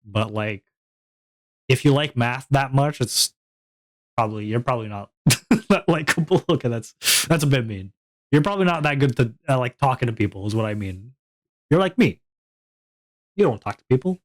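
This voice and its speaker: Streaming solo like a VTuber, a man with an ordinary middle-pitched voice chats loosely and directly to his viewers, drifting between topics. He's animated, at normal speed with long pauses, rambling and self-deprecating with plenty of laughs.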